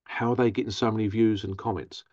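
Male therapist, animated solo talk, close and dry, a bit muffled. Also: lowish voice, quick pace, dry recording. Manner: animated, mimics others in raised voice. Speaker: therapist and podcast host. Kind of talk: casual monologue.

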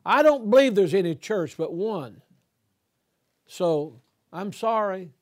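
A man's voice: high-pitched, expressive, slow, darkish tone. An older man, a pastor, preaching an emphatic sermon with a preacher's cadence, often restarting his phrases.

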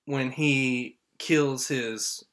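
Bright-voiced excited man on a podcast. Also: mid-range voice, very slow. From Indiana. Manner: excited, rambling fan talk. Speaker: podcast co-host. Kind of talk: casual chat.

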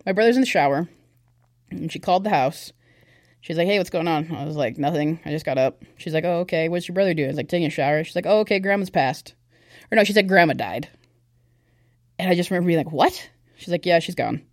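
On the low side and fast-talking, this young woman pauses often while giving a personal testimony as a podcast guest. The studio-quality recording is dry, and her casual chat is candid and conversational, with lots of fillers.

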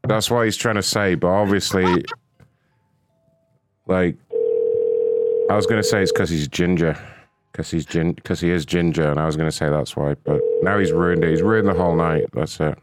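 Low-voiced crude mocking male host. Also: fairly even intonation, normal speed, pauses often, very noisy. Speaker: prank call show host. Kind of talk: casual profane banter.

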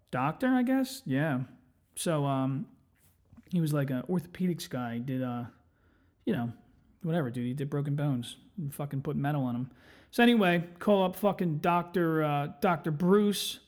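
A man hosting a solo podcast, telling rambling, profane, self-mocking stories. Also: fairly high pitch. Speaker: podcast host. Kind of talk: casual solo storytelling.

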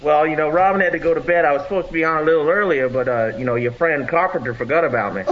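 A man playing a stiff, rambling male fishing champion on a comedic call-in, halting and deadpan. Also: fairly high pitch, natural voice. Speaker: caller impersonating a bass fishing pro. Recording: dull lo-fi audio with crowd noise.

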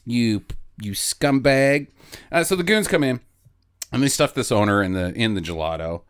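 A man's voice: mid-range voice, lively intonation, moderate pace, clear, resonant tone. A man co-hosting a movie podcast, his voice rising and falling a lot as he retells scenes. He laughs often and slips into the characters' lines mid-story. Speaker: podcast co-host. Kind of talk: casual movie recap chat.

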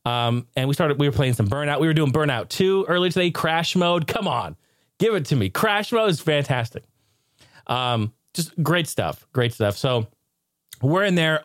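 A man hosting a casual live stream, excitable and ranting one moment, joking the next. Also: fairly high pitch, normal speed, dry recording, clean studio sound. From United States. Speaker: streamer and show host.

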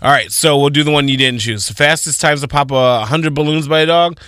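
A man co-hosting a morning radio show, reading out record trivia with quick casual asides in the studio. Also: on the high side, a bit bright, clear, resonant tone, no room sound. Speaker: radio co-host. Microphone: studio microphone.

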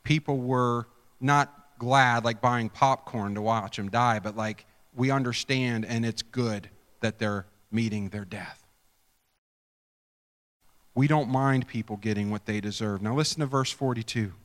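Animated male pastor in a reverberant hall. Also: mid-range voice, unhurried. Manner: animated storyteller, swings from hushed to shouting. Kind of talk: sermon with storytelling.

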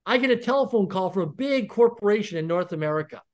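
A man's voice: high voice, quick pace. A middle-aged man, a podcast guest, telling a story with lots of energy and acting out the dialogue in it. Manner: animated, acts out quoted dialogue.

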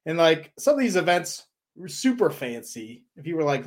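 A podcast co-host tells stories and gives advice in casual chat, rambling loosely and using lots of fillers. His voice is a little high, very animated, and at a normal speed.

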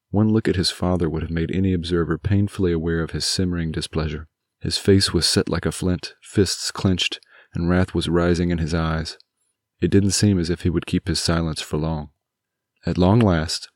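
Male storybook narrator, very low voice, dry close sound, measured and dramatic. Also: a little mellow, no echo. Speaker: story reader. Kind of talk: scripted narration.

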